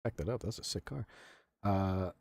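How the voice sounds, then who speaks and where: A young man streaming, giving casual reaction commentary, excitable and profane, laughing often. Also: low voice, moderate pace, vocal fry, no room sound.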